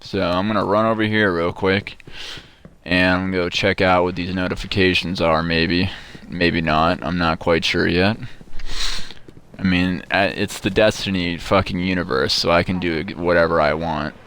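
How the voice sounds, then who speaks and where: A man's voice: deep voice, flat delivery, moderate pace, a bit bright, slight background noise. A man giving sarcastic, mock-bragging gameplay commentary, profane and rambling. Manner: rambling with frequent restarts. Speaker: gamer commenting on his play.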